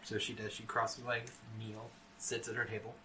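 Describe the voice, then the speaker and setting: A man's voice: fairly low pitch, little pitch movement, moderate pace, pushed and bright, a little hiss or hum. A man narrating a tabletop role-playing game as game master, casual and loose.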